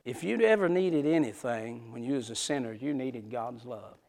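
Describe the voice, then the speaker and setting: A man preaching a sermon, telling stories, swinging from loud hollering to soft, tender passages in a folksy Southern preaching cadence. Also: mid-range voice, animated, moderate pace, few pauses. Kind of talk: sermon with storytelling.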